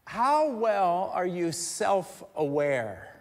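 A middle-aged male pastor preaching a conversational sermon, joking with the crowd and swinging between quiet asides and loud emphatic bursts. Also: high voice, very animated, extremely slow. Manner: conversational, jokes with the congregation.

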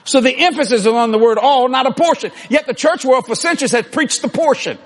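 A preacher delivers a rousing sermon in a strikingly high, husky voice. He shouts his points, boasts with a laugh, and keeps the energy up the whole way through. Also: fast.

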